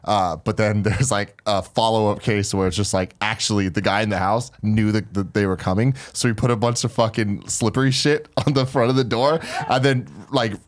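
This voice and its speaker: A man's voice: on the low side, fairly even intonation, normal speed, hardly any pauses. A man, a podcast co-host, loosely retelling something with casual swearing. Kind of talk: casual chat.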